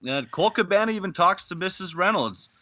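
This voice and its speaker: Man from Canada, podcast co-host, very bright tone, dry lo-fi sound, casual recap. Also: sits high, expressive, fairly quick, no echo. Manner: retells scenes with quoted lines, laughing often.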